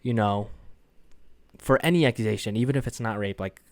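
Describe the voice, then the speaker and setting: A young man hosting a podcast from his room at home, talking in a rambling, hesitant way with a self-described monotone delivery. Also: fairly low pitch, brisk, no room sound. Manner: rambling and hesitant, many fillers and restarts; self-conscious, says his voice sounds monotone. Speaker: podcast host. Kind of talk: casual solo podcast monologue. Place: home room with parents down the hallway.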